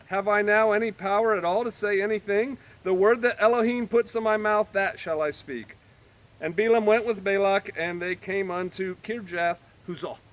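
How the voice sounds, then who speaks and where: A man's voice: high voice, fairly bright tone. A man reading old-fashioned scripture aloud and breaking off into joking, everyday asides as a Bible teacher. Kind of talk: scripture reading with casual commentary.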